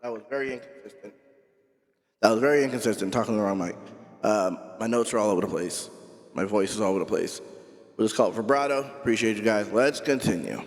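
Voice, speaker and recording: A man co-hosting a casual reaction video, joking around excitably and swearing casually. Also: lowish voice, fast talker, no room sound. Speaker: reaction channel co-host. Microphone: close studio mic.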